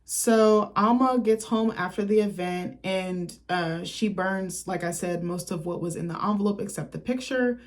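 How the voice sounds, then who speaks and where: A woman's voice: mid-range voice, moderate pace, few pauses. A young woman recapping a film in a casual, chatty way, swearing freely and acting out lines from scenes. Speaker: film critic vlogger.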